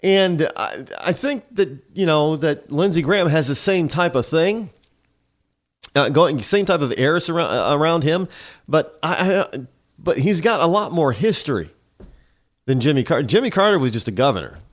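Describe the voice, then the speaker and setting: A man hosting a talk show, giving a rambling political commentary monologue full of halting restarts. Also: fairly high pitch, lively intonation.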